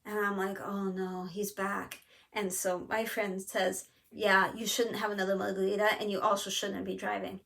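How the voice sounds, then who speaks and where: A woman hosting a craft video, telling a story in a casual, animated way and acting out what people said. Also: mid-range voice, normal speed, creaky, hardly any pauses. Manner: animated, lots of "like" and quoted asides. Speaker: flosstube host.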